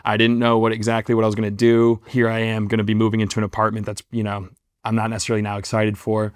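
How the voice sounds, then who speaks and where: A man's voice: on the low side, monotone, fast, no echo, studio quality. A man in his twenties, a guest actor, telling a long story in a casual interview, rambling and self-deprecating with many fillers and restarts.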